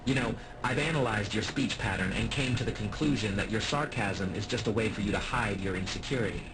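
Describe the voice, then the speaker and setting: A man's voice: on the low side, a little fast, background noise. A man voicing a blunt, analytical android. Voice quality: even, machine-like delivery. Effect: synthetic AI voice.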